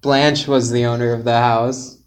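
A man with a medium-pitched, level, unhurried voice co-hosts a podcast. He casually retells a silly plot and laughs through his own jokes.

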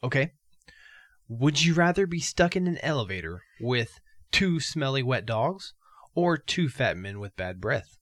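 A man co-hosting a casual podcast, goofy and profane and quick to laugh. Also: medium pitch, sing-song, fairly bright tone, no echo, studio quality. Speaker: podcast co-host.

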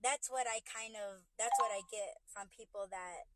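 A woman's voice: medium pitch, normal speed, noisy background. A woman podcast host ranting casually on a livestream, speaking into a phone from her car. She talks bluntly and profanely, and she often restarts her sentences as she works herself up.

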